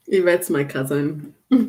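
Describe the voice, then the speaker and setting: A woman's voice: low voice, mellow. A woman hosting a live tarot reading, chatty and repetitive, often laughing while greeting viewers. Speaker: tarot reader. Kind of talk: live-stream reading and chat.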